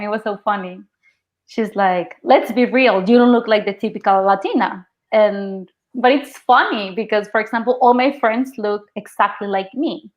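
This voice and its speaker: A woman's voice: medium pitch, muffled recording. A young woman from Mexico with a Mexican Spanish accent, an actress and guest, telling stories in a casual interview chat. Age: young adult. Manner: lively storytelling, quoting others, laughing often.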